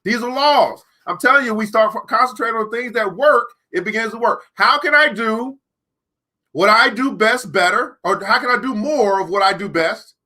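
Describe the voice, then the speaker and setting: Male book club host, bright, high voice; emphatic, slow-repeating, sarcastic motivational talk. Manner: emphatic, repeats key lines slowly for effect; sarcastic, laughs between points. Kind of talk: live-streamed motivational book discussion.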